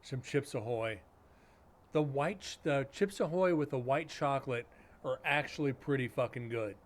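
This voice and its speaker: A man's voice: mid-range voice, moderate pace. Blunt, sarcastic male streamer. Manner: blunt, sarcastic, swears freely. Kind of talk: casual live-stream chat.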